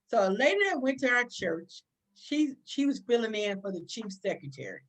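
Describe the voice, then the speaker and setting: A middle-aged woman, a police chief, telling a career story in an interview, animated, acting out dialogue and often restarting sentences. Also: on the high side, moderate pace.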